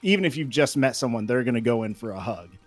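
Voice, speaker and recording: A man's voice: medium pitch, expressive, fast, faint music behind. A man narrating a tabletop game as game master, casual and full of restarts.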